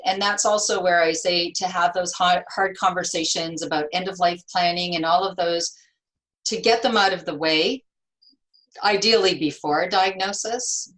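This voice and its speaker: A nurse and author in her fifties talks with real earnestness during an interview, voicing quoted dialogue with plenty of expression. Her voice sits on the low side, and the recording is rough.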